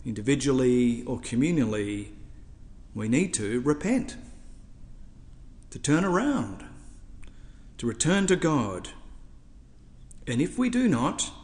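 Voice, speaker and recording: Man, priest, sermon, slow deliberate delivery, rhetorical repetition, long church reverb. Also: medium pitch, darkish tone. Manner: rhetorical, building emphasis with lists.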